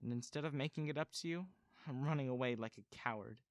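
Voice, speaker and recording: A man voicing a departing mother who speaks in a quiet, resigned way. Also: mid-range voice, fast talker, no echo, clean studio sound, close to an everyday voice. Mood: sad resigned. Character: departing mother, sad and apologetic.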